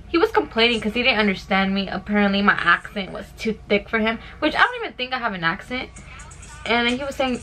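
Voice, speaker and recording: A young woman in a casual get-ready-with-me chat, talking fast and filling her sentences with "like" while she does her makeup at home. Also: medium pitch, sharp tone. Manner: fast-talking, full of "like" fillers. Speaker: beauty vlogger.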